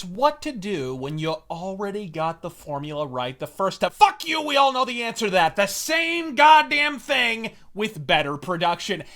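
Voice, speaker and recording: A man's voice: high voice, sharp tone. A man giving a profane, sardonic scripted rant as a video reviewer. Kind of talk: scripted comedic rant narration.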